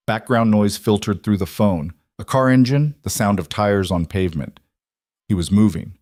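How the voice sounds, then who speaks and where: A man reading a dramatic romance-thriller story in a measured, even narration. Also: on the low side, dry recording, clean studio sound.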